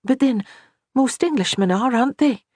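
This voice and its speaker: A narrator voicing a frightened young woman with a quick tongue in an audiobook. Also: high-pitched, darkish tone, dry recording, studio quality, voice pushed up. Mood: timid. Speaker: character in an audiobook. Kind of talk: audiobook character reading.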